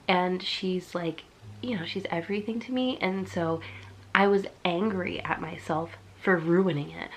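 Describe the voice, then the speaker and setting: Young woman vlogger with a stuffy nose from a cold; a slightly low, chatty, confessional delivery. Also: a bit bright, slight background noise. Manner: chatty and confessional, with fillers and nervous laughs. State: congested from a cold. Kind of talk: candid personal vlog.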